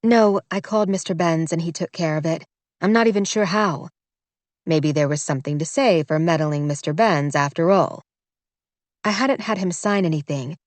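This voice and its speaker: A woman's voice: lowish voice, normal speed, no echo, natural voice. A woman voicing a composed young princess who speaks in a formal, decisive way. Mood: earnest. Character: poised, proper young princess, gently decisive. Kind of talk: audiobook character voice.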